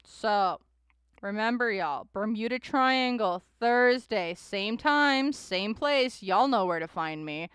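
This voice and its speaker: Chatty woman tarot host, smooth dry voice. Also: mid-range voice, animated, takes it slowly, fairly bright tone, dry recording. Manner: chatty and rambling, addresses viewers as y'all; laughs and sighs often between thoughts. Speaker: tarot reader and live stream host. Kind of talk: casual live stream chat with viewers.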